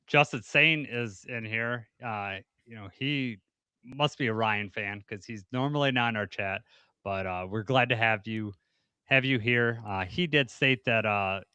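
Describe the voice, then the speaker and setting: A man's voice: mid-range voice, a little slow, pushed and bright, clean tone, dry recording, lo-fi sound. A man co-hosting a live podcast stream, chatting casually, rambling a little and laughing easily. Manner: rambling, laughs easily, greets chat viewers. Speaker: podcast co-host.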